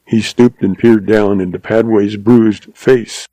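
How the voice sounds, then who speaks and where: A man narrating a western novel as an audiobook in a steady, dramatic storytelling manner. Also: lowish voice, slow, no room sound, rough recording.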